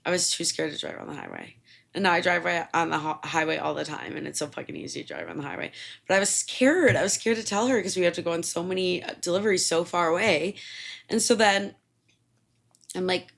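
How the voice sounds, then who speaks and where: A young woman podcast host swearing freely as she rambles through stories and laughs at herself. Her low voice has a gravelly edge and swings widely in pitch, and her casual talk is full of fillers. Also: expressive, fast talker, fairly bright tone. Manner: rambling, profane, self-mocking, with frequent fillers. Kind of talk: casual storytelling monologue.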